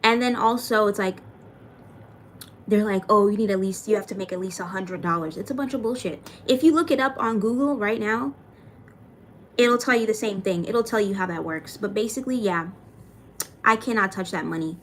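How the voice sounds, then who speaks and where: A woman's voice: mid-range voice, moderate pace, slight background noise. A young adult woman chatting casually on a livestream, thanking viewers by name and swearing now and then. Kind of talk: casual livestream chat reading comments.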